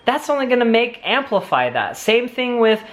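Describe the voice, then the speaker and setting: A man's voice: extremely high pitch, very animated, normal speed, fairly bright tone. A young man co-hosting a family vlog Q&A, chatting eagerly with rambling asides and restarts. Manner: enthusiastic, rambling, lots of fillers and restarts. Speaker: vlogger co-host. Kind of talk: casual Q&A chat.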